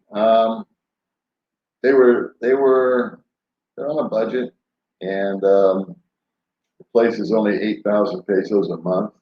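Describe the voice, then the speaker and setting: An older man chatting casually on a live stream, rambling and laid-back, laughing often as he answers viewers. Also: lowish voice. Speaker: vlogger answering live chat. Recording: roomy, dull lo-fi sound.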